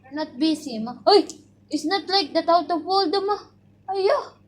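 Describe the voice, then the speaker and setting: A woman's voice: very high-pitched, lively intonation, a little slow. A woman with a Filipino accent chatting casually at home at bedtime, coaxing a child and then reading a story aloud, tacking little particles onto her sentences. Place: bedroom at home.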